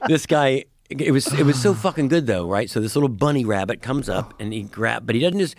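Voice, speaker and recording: A man, a comedian guest, telling stories in casual chat in an animated, profane, laughing way. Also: medium pitch, fast, creaky, dry recording.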